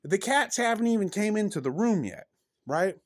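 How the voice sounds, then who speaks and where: A man's voice: high voice, expressive, normal speed. A man vlogging at home, telling odd stories in a rambling, self-interrupting way with emphatic bursts and mild cursing. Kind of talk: casual rambling storytelling to camera.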